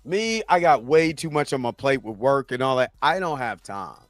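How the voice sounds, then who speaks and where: Animated laughing reaction host. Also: male voice, medium pitch, normal speed, dry recording, soft background music. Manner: laughing, animated, repeats himself. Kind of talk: casual reaction commentary.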